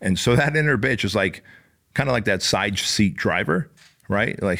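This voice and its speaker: A man's voice: fairly low pitch, lively intonation, normal speed, fairly bright tone. A man giving a blunt, profane motivational talk, punching key words hard. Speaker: motivational speaker.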